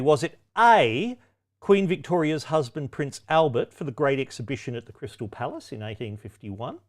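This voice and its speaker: Sardonic quizmaster with a lively voice. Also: male voice, mid-range voice. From Australia. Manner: sardonic, with wry, cheeky asides; chatty, with frequent ums and self-corrections. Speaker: quiz host. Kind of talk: pub-quiz hosting.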